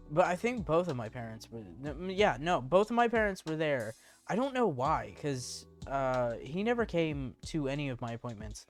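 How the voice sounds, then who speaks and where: A man co-hosting a casual chat, rambling with lots of fillers and frequent laughter. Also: mid-range voice. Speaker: co-host.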